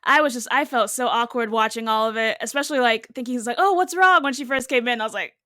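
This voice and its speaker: Bright, dry-sounding chatty woman co-host. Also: fairly high pitch, steady tone, no echo. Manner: chatty, laughs often, quick reactions. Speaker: podcast co-host. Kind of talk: casual recap chat.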